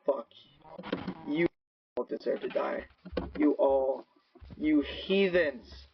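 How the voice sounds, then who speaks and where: A man doing gaming commentary, rambling to himself with profane, erratic outbursts and sudden yelling. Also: on the high side, takes it slowly, vocal fry, a little hiss or hum. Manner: rambling self-talk. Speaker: gaming channel host. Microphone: laptop mic. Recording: dull lo-fi laptop mic.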